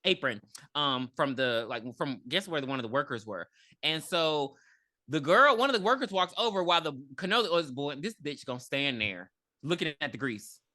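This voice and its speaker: Speaking a little fast in a low voice, a woman co-hosting a movie podcast recounts a film's story in a casual chat. She acts out lines from the characters and laughs as she goes, and the recording has no echo.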